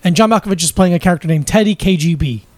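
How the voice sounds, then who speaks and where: A man in casual podcast chat, eager and quick to riff and explain. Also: sits high, dry recording.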